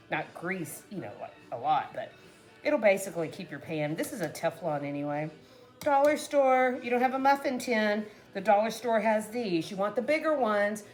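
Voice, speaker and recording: A woman casually chatting to viewers while cooking at home, talking to them as "guys" and laughing often. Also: medium pitch. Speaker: cooking vlogger. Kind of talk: casual cooking chat to camera.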